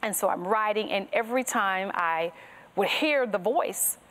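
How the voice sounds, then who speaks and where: A woman's voice: mid-range voice, unhurried, a bit bright. A woman guest on a podcast interview, sharing her personal faith testimony in an earnest storytelling manner that strings thoughts together with "and so".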